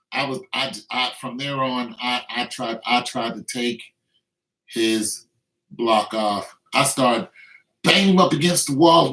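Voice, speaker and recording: A man's voice: fairly high pitch, bright, forceful tone. Man in his fifties, boastful. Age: 50s. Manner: boastful, slang-heavy, laughing while telling. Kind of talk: casual storytelling. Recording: roomy, distant from the mic.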